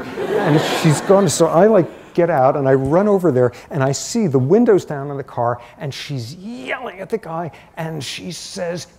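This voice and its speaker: A middle-aged man giving a university lecture, telling stories with lively asides. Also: a little high, moderate pace, few pauses. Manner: animated storytelling with asides.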